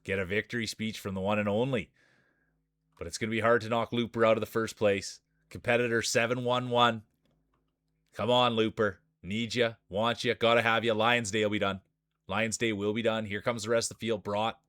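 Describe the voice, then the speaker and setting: Male streamer as announcer, sports-caller cadence, on the low side, dry. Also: level tone, moderate pace, fairly bright tone, no echo. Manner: hyped sports-announcer cadence, chatty asides. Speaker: streamer and race commentator. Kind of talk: live marble race commentary.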